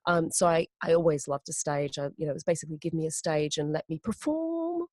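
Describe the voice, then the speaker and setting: A woman's voice: low-pitched, animated, brisk, darkish tone, no echo. A woman guest speaking over an internet call in a casual podcast interview, playful and self-mocking. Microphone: remote call over the internet.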